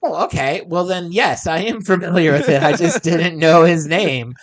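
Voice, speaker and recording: Wry male comedian guest, slightly high. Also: normal speed. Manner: wry, laid-back quips, laughs along. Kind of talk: casual chat.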